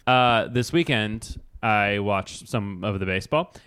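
A man's voice: on the low side, big pitch swings, takes it slowly, clean tone. A man hosting a podcast, teasing his co-hosts dryly in casual chat. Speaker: podcast host.

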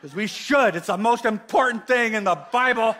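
A man preaching a sermon in a church, animated and playful, with emphatic, sudden loud bursts. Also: sits high, moderate pace. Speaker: guest preacher.

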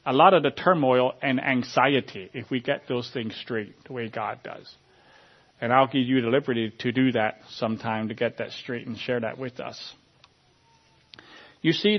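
A man giving an informal sermon in a conversational way, often restarting his sentences and filling pauses with ums. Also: medium pitch, lo-fi sound. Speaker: preacher.

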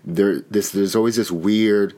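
A plainspoken man co-hosting a casual comedic chat, with a very low voice. He talks earnestly and sometimes sounds a bit puzzled. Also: fairly even intonation, unhurried, dark tone. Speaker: podcast co-host.

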